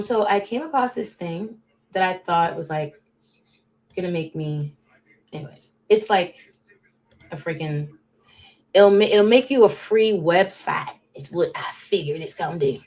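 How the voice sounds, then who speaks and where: Chatty rambling woman on a livestream. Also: on the low side. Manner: rambling, chatty, talks straight to chat viewers; drifts between loud bursts and muttered asides. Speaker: livestream host. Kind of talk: casual livestream chat.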